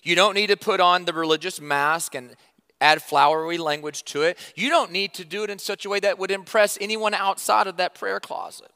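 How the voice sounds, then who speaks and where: A man preaching a sermon to his church, conversational and emphatic, with sudden loud stresses and quiet drops. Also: sits high, fairly even intonation, a little fast, long reverb tail. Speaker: pastor.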